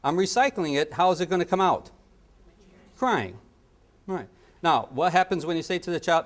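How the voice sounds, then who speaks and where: A middle-aged man leads a lively parenting training lecture, cracking jokes and acting out little scenes with sound effects. His voice is slightly high, his pace moderate, and he leaves long pauses.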